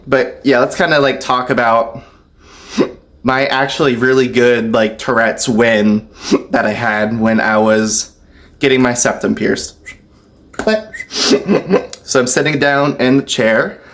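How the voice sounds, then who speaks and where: A man vlogging a casual storytime, chatty and loose, laughing softly between phrases. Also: mid-range voice, little pitch movement, unhurried. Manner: loose, filler-heavy talk.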